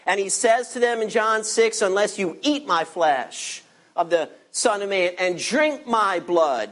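A man preaching a sermon, directly addressing his listeners and stretching key words slowly for emphasis. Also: sits high, fairly bright tone. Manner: addresses listeners directly, asks them to turn pages. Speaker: pastor.

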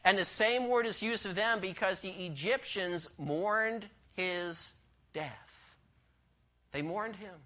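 A man's voice: high-pitched, sharp tone. A man preaching a sermon, emphatic, asking the congregation rhetorical questions and telling a story.

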